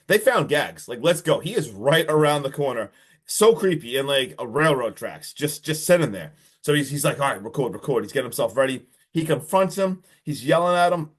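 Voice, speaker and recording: A young man co-hosting a podcast, casually recapping a horror film in a rambling, animated way with lots of filler words and mild swearing. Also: fairly high pitch, normal speed. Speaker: podcast co-host reviewing a film.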